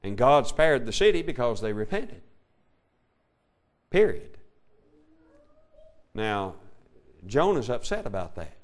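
A male preacher delivering a sermon, reading scripture in an old-fashioned cadence and swinging between loud declaration and quiet asides. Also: medium pitch, very animated, takes it slowly, long pauses. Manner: old-style King James reading cadence.

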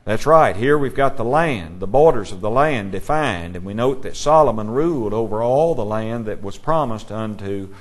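A man's voice: fairly low pitch, animated, normal speed, hardly any pauses. A man teaching a Bible class, asking his students questions and reading scripture aloud.

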